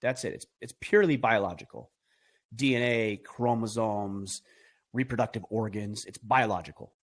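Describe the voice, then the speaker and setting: A man's voice: on the low side, moderate pace. A middle-aged man talking as a podcast guest, earnest and emphatic, building his points with rhetorical questions. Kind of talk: conversational podcast talk.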